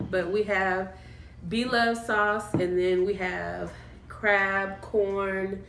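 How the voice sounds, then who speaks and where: A woman vlogger chatting casually with her cousin while eating, telling stories in a relaxed way. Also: medium pitch, extremely slow, slight background noise. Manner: chatty, storytelling, laughs easily. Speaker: mukbang vlogger. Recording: roomy, mic far off.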